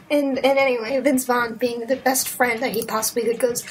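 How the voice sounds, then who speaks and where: A young woman rants through a movie review in a sarcastic, rambling way, swearing freely and jumping into quick impressions of the characters. Her voice sits a little high, and faint music plays underneath. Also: level tone, poor audio. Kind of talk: casual profane movie review rant.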